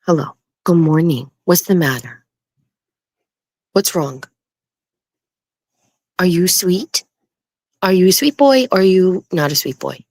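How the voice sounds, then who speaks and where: Woman talking sweetly to a pet, soft baby talk, dry close sound. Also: fairly low pitch, expressive, takes it slowly, pauses often, no echo.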